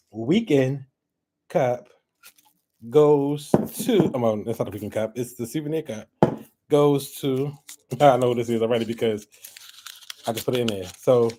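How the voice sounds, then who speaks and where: A man hosting a casual giveaway vlog at home, chatting as he draws winners, laughing often and breaking into high excited squeals. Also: slight background noise. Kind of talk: casual chat while drawing giveaway winners.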